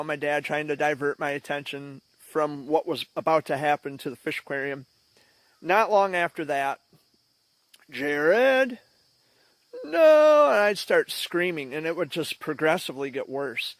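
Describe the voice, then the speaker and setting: A man with a somewhat high voice tells a memory in a relaxed, reflective way, as though chatting with the viewer. The sound is close and dry, with no room echo. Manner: reflective, conversational. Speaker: vlogger. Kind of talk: casual storytelling.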